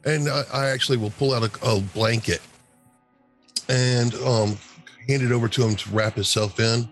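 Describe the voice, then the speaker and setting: A man playing a tabletop game, speaking calmly and deliberately. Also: medium pitch, soft background music. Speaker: player.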